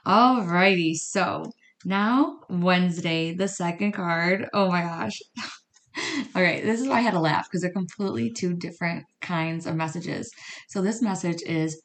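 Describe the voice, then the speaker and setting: A woman's voice: lowish voice, unhurried. A woman who works as a medium and card reader, talking in a chatty podcast monologue and often checking in with her listeners. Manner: chatty, conversational, frequent "you know what I mean" and "right?".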